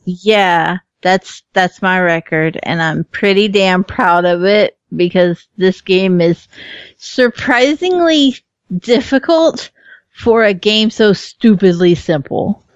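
A woman's voice: medium pitch, slow, no room sound, muffled recording. A woman co-hosting a casual game review stream, chatty, laughing often and swearing casually. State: hiccups. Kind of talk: casual chat.

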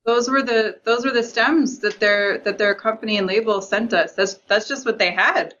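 A woman in casual podcast chat, talking in quick bursts and laughing often. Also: mid-range voice, sharp tone. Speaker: game developer guest. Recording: dull audio with faint noise.

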